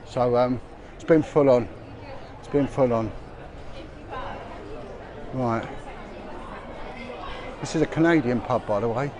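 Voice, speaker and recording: A faint crowd can be heard as a middle-aged man with a medium-pitched, darkish voice talks slowly and pauses often. He is a vlogger chatting his way through busy city streets on a livestream, rambling with many restarts and fillers amid passers-by and street noise.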